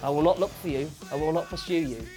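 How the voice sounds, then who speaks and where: A man putting on a grim ex-agent threatening kidnappers in a low, slow, measured voice, as a comic movie parody. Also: warm tone, faint music behind, lightly acted. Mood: menacing.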